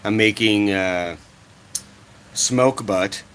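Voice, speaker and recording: Laid-back man, 30s, woodworking host, lowish voice, rambly and halting, home office camera mic. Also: a bit bright, slight background noise. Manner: rambling, halting, lots of fillers. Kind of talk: casual livestream chat.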